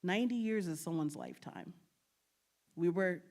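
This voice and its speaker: A woman from New York talks to an audience as a guest speaker, telling stories from her family research. Her voice sits on the lower side, and she delivers it in an animated way, laughing often and playing out what her relatives said. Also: unhurried. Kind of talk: storytelling presentation. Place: lecture at a state archives building.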